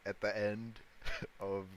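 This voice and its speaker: A man with a low, bright-edged voice talks slowly through a casual live stream, thinking aloud and addressing his chat. He chuckles a lot between remarks, and a faint hum of background noise sits under his voice. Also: low-quality recording. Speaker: livestreamer day-trading crypto.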